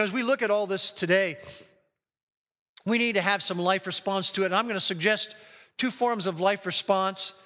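A man preaching a sermon as a pastor, emphatic and slowing down to read scripture aloud. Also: sits high, bright, forceful tone. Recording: long hall reverb.

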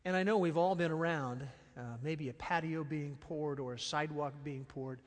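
Give me a middle-aged male pastor preaching with a high voice in a reverberant hall. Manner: animated, storytelling, with sudden soft, slow stresses. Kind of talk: sermon. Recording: long reverb of a large hall.

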